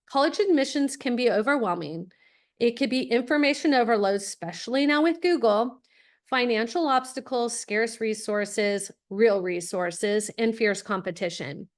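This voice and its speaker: A middle-aged woman presents a webinar on college admissions with a fairly high voice. She tells family stories in an animated way and jumps up in pitch when she acts out the people she quotes. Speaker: webinar host and college consultant. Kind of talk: lively storytelling presentation.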